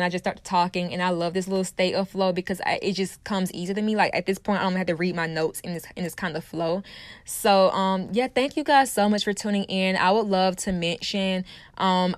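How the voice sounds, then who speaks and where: A woman's voice: mid-range voice, clear, resonant tone, no room sound. Passionate woman podcast host, dry sound. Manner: passionate, emphatic, repeats phrases for stress. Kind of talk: casual motivational podcast monologue.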